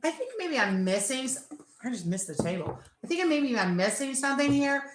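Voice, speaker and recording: A woman hosting a casual livestream chat, animated and rambling, often exasperated. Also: high-pitched, a little fast, slight background noise. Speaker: livestream host. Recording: echoey room.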